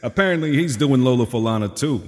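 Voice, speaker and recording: A man's voice: medium pitch, animated, fast talker, in a large hall, close to an everyday voice. A man doing a brash old-time crooner. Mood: swaggering. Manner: swaggering, needling.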